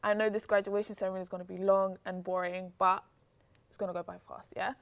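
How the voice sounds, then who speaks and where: A woman's voice: quick pace, vocal fry. A young British woman, a guest telling a story in casual chat, acting out the voices of the people she quotes. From Britain. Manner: animated, acts out quotes with pitch jumps. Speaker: interview guest.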